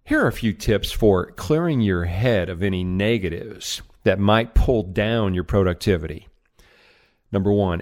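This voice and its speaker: A middle-aged man giving an energetic, emphatic motivational talk on sales, as a trainer. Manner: energetic, emphatic, varies pitch widely.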